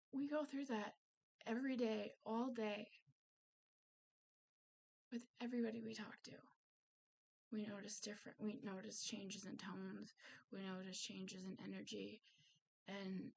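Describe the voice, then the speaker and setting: A woman's voice: medium pitch, vocal fry, a little mellow. A woman talking candidly in a personal vlog, earnest and confiding, often trailing off with fillers. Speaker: vlogger. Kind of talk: personal vlog, candid talk about mental health.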